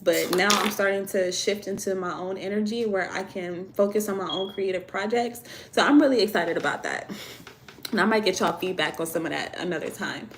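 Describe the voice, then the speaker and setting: Young woman w/ aave chatting on a phone livestream, laughs a lot, mid pitch, soft background hiss. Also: fairly quick. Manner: chatty, laughs often, slangy and candid. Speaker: livestream host, tarot and oracle deck creator. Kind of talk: casual livestream chat reading viewer comments.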